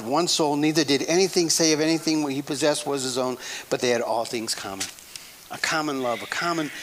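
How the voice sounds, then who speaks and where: A male preacher with a bright, slightly high voice, delivering a folksy sermon in repeated, emphatic bursts. He keeps breaking into laughter between his points, and a faint hiss runs under the recording. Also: poor audio.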